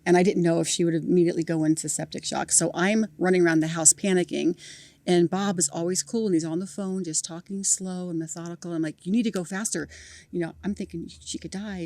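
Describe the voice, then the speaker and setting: A middle-aged woman, a podcast guest telling lively family stories and acting out the people in them. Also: on the low side, no echo. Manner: animated storyteller, acting out voices with laughter. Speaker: podcast guest, mother of a cancer patient. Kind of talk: storytelling in an interview.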